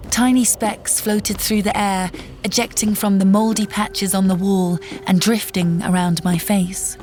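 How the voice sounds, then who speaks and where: A woman reading a first-person horror story in a tense, measured storytelling manner. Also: medium pitch, steady tone, darkish tone. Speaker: narrator. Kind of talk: scripted horror narration. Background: faint music.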